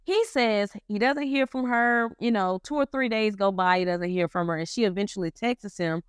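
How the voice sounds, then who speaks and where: A woman's voice: medium pitch, moderate pace, smooth, no echo, clean studio sound. A woman casually retelling a story in slangy commentary, acting out the quotes as she goes. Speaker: commentary host.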